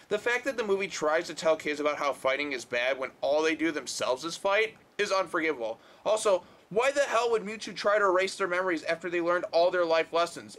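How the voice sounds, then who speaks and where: Profane male reviewer, exasperated, high, bright, sharp tone. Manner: profane, exasperated, shouting outbursts. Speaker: film reviewer. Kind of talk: ranting comedic review.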